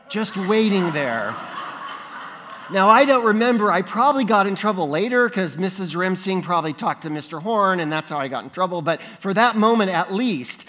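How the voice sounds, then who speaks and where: A man preaching a sermon, telling a childhood story in an animated way and acting out the voices in it. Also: sits high. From California. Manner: animated storyteller, acts out voices in his anecdotes. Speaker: pastor. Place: church sanctuary. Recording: long reverb of a church sanctuary.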